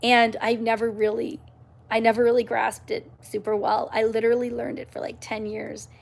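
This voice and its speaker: A woman's voice: a little high, little pitch movement, normal speed, gravelly. Upbeat chatty woman on a live stream. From Canada. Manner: chatty and upbeat, frequent fillers and restarts. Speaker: YouTuber hosting a live stream. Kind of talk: casual live-stream talk to viewers.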